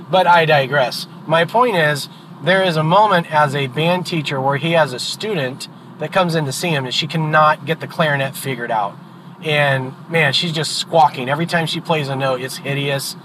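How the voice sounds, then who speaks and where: Middle aged dad talking in the car, bit high voice, earnest and rambly, lots of road noise. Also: male voice. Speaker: podcast host and father. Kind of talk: casual chat in a car. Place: in a moving car.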